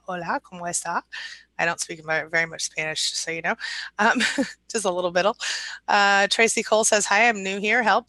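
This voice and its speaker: A woman hosts a casual live stream, reading out viewer comments and greeting each person by name. Her voice is bright and forward, recorded close and dry with no room sound. She answers questions off the cuff in an easy, chatty way. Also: lowish voice, dry recording, poor audio. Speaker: relationship recovery coach hosting a live stream.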